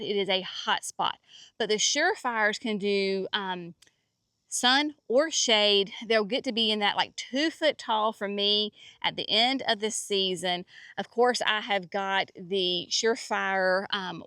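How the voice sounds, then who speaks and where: A woman's voice: mid-range voice, sharp tone, dry recording. A woman from North Carolina, chatting folksily and with enthusiasm as she hosts a walk through her garden. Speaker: garden center host. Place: outdoor garden.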